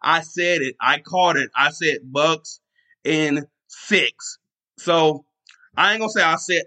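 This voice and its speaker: A man hosting his own podcast in casual sports talk, excited and rambling, often restarting his sentences. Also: on the high side, a little slow. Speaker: podcast host.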